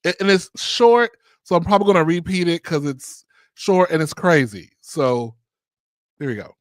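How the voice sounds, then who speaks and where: A man's voice: fairly high pitch, moderate pace, no room sound, clean studio sound. A man hosting a podcast in casual chat, sassy, flamboyant and playful. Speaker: podcast host.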